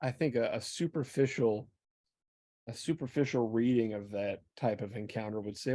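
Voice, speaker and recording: A man hosting a webinar, speaking in a measured way and reading out audience questions on a video call. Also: medium pitch, steady tone, mellow, no echo. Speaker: webinar host and chaplain. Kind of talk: moderating a conversation.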